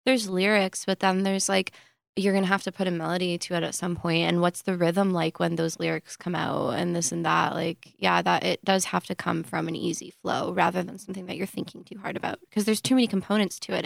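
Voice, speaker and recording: Woman, creaky vocal fry, dry close mic, relaxed guest chat. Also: on the low side, brisk, no echo. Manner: relaxed, lots of "like" and filler. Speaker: songwriter guest. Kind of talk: casual interview chat.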